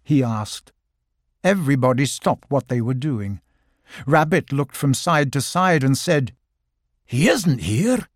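A man narrating a children's storybook with a lively, expressive reading. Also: mid-range voice, measured pace, no echo, clean studio sound.

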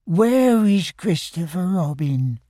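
A man voicing a gentle male bear who talks slowly and thoughtfully in a storybook reading. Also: sits high, lively intonation, no room sound, studio quality, pitched above the performer's own voice. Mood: puzzled. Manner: slow, thoughtful.

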